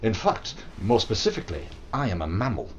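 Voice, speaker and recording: A man's voice: fairly low pitch, very animated, brisk, a little hiss or hum. A British man in his thirties, chatting and joking casually while streaming a game live, prone to silly growls and bits of song. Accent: British English. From England.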